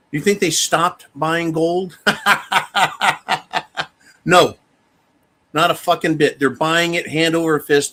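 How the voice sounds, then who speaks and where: Male livestream host, bright and somewhat high voice, emphatic, blunt and profane. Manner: emphatic and animated, addresses viewers as folks, swears freely. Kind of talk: casual livestream commentary.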